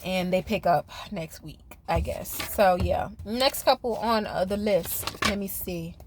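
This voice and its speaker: A woman's voice: medium pitch, a little slow, background noise. A woman giving a casual, profane recap of a reality show, laughing often and talking straight to her viewers. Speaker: reality TV commentator.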